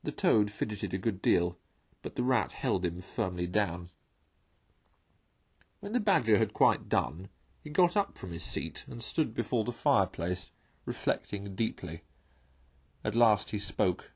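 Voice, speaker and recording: A man's voice: lowish voice, lively intonation, unhurried, long pauses, darkish tone, husky. A man reading a children's storybook aloud, narrating expressively.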